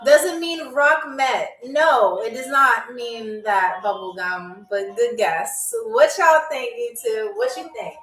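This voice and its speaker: A woman's voice: a little high, expressive, takes it slowly, few pauses, fairly bright tone. A woman from New York hosting a live trivia game show, chatty and playful, talking straight to her viewers. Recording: echoey room, distant mic, faint music.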